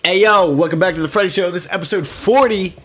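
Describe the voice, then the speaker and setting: A man's voice: high voice, quick pace, fairly bright tone, slight background noise. A man hosting his own podcast, chatting casually, laughing often and teasing his co-host. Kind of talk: casual banter.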